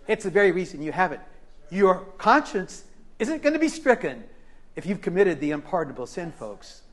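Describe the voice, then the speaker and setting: A middle-aged man preaching a sermon to a church congregation, impassioned, swinging between loud declarations and hushed asides, acting out the voices he quotes. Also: high-pitched, big pitch swings, normal speed. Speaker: pastor. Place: church service.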